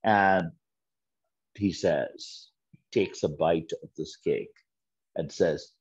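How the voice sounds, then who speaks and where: Man, slow unhurried sermon, storytelling with quoted voices, emphatic repeats, dull lo-fi sound. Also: very deep voice, breathy edge. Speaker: guest speaker at a church service.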